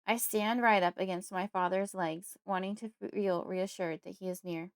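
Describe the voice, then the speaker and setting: A woman reading a creepy horror audiobook in the first person, at a steady, measured pace. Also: medium pitch, clean tone, no room sound, studio quality. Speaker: audiobook narrator.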